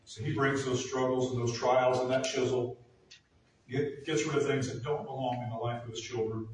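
A male pastor delivers a sermon in an earnest voice that swells to emphatic peaks. His voice is of middling pitch and is picked up from a distance, so it rings with heavy reverb in a large room with faint ambience behind it. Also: level tone, normal speed, a little hiss or hum. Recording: echoey room from far off.

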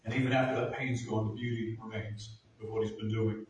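A man's voice: on the low side, flat delivery, fairly quick, slight background noise. A man preaching a sermon as pastor, earnest and building to emphatic peaks. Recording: echoey room from far off.

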